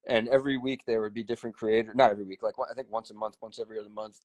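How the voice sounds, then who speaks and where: A man hosting a casual chat, talking in an animated, profane, rambling way full of fillers. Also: lowish voice, very fast, no echo. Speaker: host.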